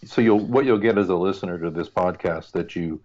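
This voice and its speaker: A man's voice: low-pitched, brisk, a little mellow, dull audio. A man co-hosting a casual podcast, chatty and joking with playful asides. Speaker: podcast co-host. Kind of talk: casual chat.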